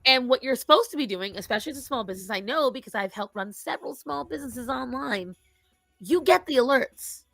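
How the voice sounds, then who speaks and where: Bright-sounding streamer lady, animated and blunt, talking to her chat. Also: high-pitched, fairly quick, creaky, no room sound, faint music behind. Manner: animated, opinionated storytelling. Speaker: streamer host. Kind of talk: casual chat to a live chat.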